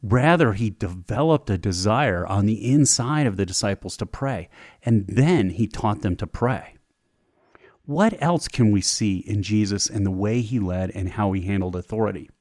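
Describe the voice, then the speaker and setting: A man's voice: fairly low pitch, moderate pace, darkish tone, no room sound, clean studio sound. Man retelling a story with animation. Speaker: podcast host. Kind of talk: faith-based storytelling talk.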